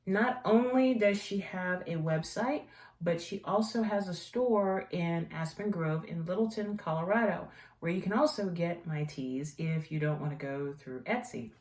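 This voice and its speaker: A woman's voice: fairly low pitch, a little slow, recorded from a distance. A woman hosting a tea vlog, talking in a casual, rambling way and gushing about teas and small-business products. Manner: rambling, warm-hearted enthusiasm for products. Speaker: tea vlogger and host. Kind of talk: casual chatty review. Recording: echoey room, voice away from mic.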